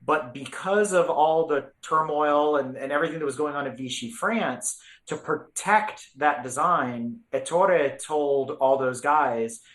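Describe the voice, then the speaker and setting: Male podcast host, enthusiastic car buff, sharp bright tone, roomy echo. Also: a little high, unhurried, few pauses. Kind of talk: casual chat. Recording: echoey room.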